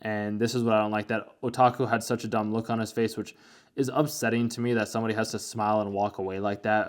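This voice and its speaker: A young man with a fairly low voice talks through an anime in a loose, casual way. He rambles and leans on "like" at every turn, thinking out loud as he goes. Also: flat delivery, quick pace. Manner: rambling, full of "like" fillers. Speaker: anime commentator.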